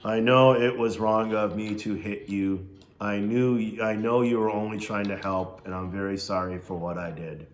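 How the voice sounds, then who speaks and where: A man voicing a young orphan boy giving an earnest, hurried apology. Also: fairly low pitch, fairly even intonation, a little hiss or hum, natural voice. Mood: contrite. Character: young orphan boy, wary but contrite.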